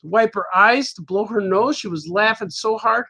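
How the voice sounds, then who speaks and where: A man's voice: high voice, normal speed, bright, forceful tone, slightly rough, low-quality recording. A man telling a rambling, playful anecdote in a casual monologue, often chuckling. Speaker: cartoonist telling a story.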